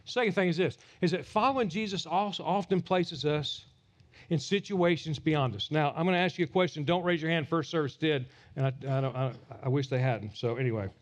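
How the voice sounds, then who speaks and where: A pastor delivering a sermon at a church service, animated and teasing the congregation. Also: male voice, fairly high pitch, fairly quick.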